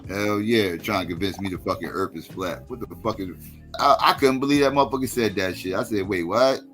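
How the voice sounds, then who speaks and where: A tired man with a very low voice hosts a casual late-night stream, swearing freely as he tells stories. He jumps up high when he acts out quoted voices. Faint music plays behind him. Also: fairly quick. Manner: profane storytelling with lively quoted voices. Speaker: live stream host.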